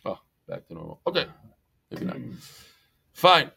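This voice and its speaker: A man teaching a Talmud class, lively and joking as he tells stories and mixes in Hebrew and Yiddish terms. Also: mid-range voice, unhurried, creaky, slightly rough.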